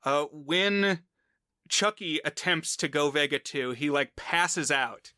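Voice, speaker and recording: Bright, crisp-voiced man rambling on a podcast. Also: on the high side, slow, dry recording, clean studio sound. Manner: rambling, filler-heavy explaining. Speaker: podcast co-host. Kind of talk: casual film podcast chat.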